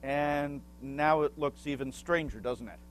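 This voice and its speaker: A man's voice: fairly high pitch, slight background noise. A man preaching a sermon as pastor, explaining a word with small asides and asking the congregation questions. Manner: asks the congregation questions and pauses for answers.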